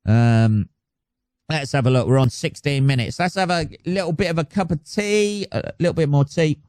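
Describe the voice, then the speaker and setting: A man's voice: on the high side, normal speed, darkish tone, no echo. A man hosting his own podcast alone, chatting casually in a rambling, sweary, self-mocking way. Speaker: podcast host. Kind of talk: casual solo podcast chat.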